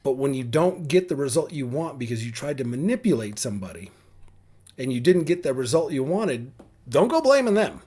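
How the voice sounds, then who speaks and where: A man's voice: medium pitch, expressive, brisk, warm tone, husky. A middle-aged man ranting casually to his daughters in a rambling way, full of fillers and restarts. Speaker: vlogger speaking to his daughters. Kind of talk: casual rambling rant to camera.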